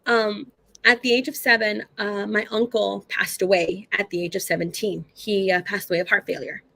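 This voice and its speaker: In a casual storytelling session, a woman who works as a psychic medium talks as a guest, using plenty of fillers and performing the dialogue in her anecdotes. She has a medium-pitched, steady voice that is creaky with a sharp tone, moving at a moderate pace with no echo.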